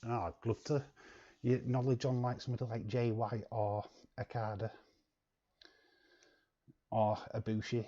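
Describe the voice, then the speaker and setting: A man's voice: fairly low pitch, steady tone, unhurried, pauses often, mellow, dull audio. A man hosting a live stream, chatting bluntly and casually while reading viewer comments. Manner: chatty, blunt, laughs often.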